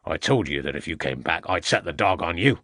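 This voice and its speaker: A man voicing a surly, menacing farmer who snarls and shouts threats in an audiobook. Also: low voice, expressive, a little fast, dry recording, clean studio sound, voice pushed down. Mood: snarling.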